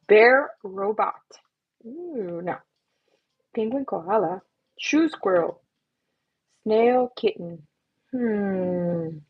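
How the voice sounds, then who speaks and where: A woman's voice: medium pitch, husky, dry recording, lo-fi sound. A young woman hosting a casual drawing livestream, chatty and giggly, laughing at her own doodles as she talks. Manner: giggly, chatty, self-mocking.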